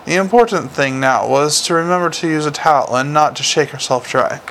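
A man narrating an audiobook in a dry, steady storytelling manner. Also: on the high side, brisk, slight background noise.

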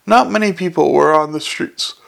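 A male audiobook narrator reading a story in an even, measured way. His voice is gravelly and a touch high.

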